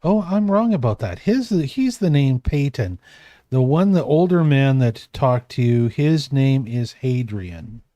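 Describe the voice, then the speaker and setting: A man's voice: medium pitch, expressive, unhurried, mellow, dry recording. A man running a tabletop game as game master, narrating in a meandering, self-correcting way.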